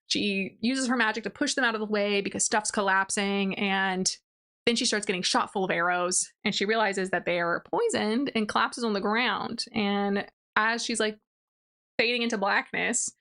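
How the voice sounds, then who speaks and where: A young woman giving a casual rant review of a novel, retelling the plot in a chatty way with lots of "like" and quick acted-out quotes. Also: medium pitch, fairly bright tone. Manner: chatty, many "like"s, acts out quotes in passing. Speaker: book reviewer.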